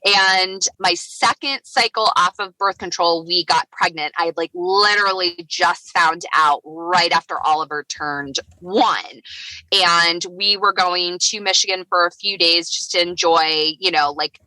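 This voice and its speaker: A woman's voice: fairly low pitch, measured pace, bright, forceful tone, no room sound, poor audio. A woman in her thirties from Chicago, a podcast guest telling a personal story in a chatty way, often saying "like". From Chicago, USA. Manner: chatty, heavy use of "like".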